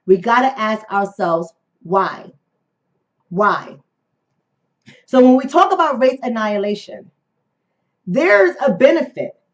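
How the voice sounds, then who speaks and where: A woman's voice: mid-range voice, muffled recording. A woman hosting a live-streamed book club discussion, talking emphatically, repeating key phrases and asking rhetorical questions.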